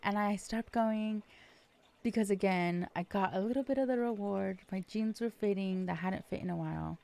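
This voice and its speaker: A woman's voice: medium pitch, moderate pace, gravelly, a little mellow. A young woman hosting her own podcast, chatting casually and rambling in a self-deprecating way, with lots of fillers. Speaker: podcast host. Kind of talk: casual solo podcast chat.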